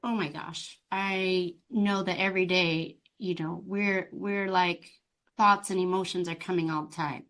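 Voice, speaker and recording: A woman's voice: lowish voice, fairly even intonation, a little slow, fairly bright tone. A middle-aged woman, a life coach, telling her story expressively in an interview. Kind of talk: conversational interview.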